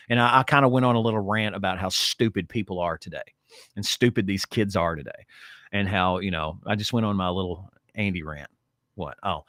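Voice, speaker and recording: A man co-hosting a casual podcast, telling stories in an animated, ranting way and repeating himself for emphasis. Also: lowish voice, no echo, studio quality. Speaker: podcast co-host. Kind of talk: casual chat.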